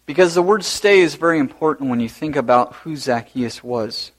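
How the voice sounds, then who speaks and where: Animated high-voiced male pastor preaching. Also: normal speed. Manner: animated, rising to loud emphasis. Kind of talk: sermon.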